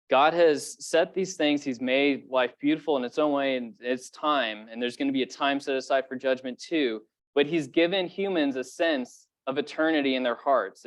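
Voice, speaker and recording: Young male pastor, relaxed conversational preaching, mid-range voice, gets louder to drive a point home. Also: mid-range voice. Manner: casual conversational preaching with fillers; swells louder when stressing a point. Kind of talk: sermon.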